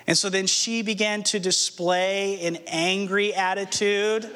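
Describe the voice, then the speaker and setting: Male pastor, high voice, earnest sermon delivery, reverberant room. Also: level tone, sharp tone. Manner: earnest preaching with rhetorical questions and dramatic slowdowns.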